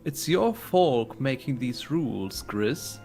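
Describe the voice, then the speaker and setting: A man's voice: medium pitch, animated, slow, creaky, darkish tone, soft background music. A man reading the lines of a young male medical student in a game, in a dry, lightly amused way, close to his own voice. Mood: gossipy. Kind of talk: reading game dialogue aloud.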